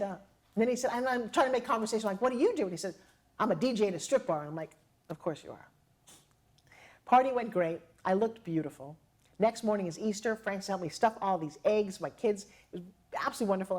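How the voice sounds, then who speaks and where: A middle-aged woman telling personal stories as a motivational speaker, lively and acting out quoted dialogue with laughs. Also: medium pitch, fast talker. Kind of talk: personal storytelling to an audience.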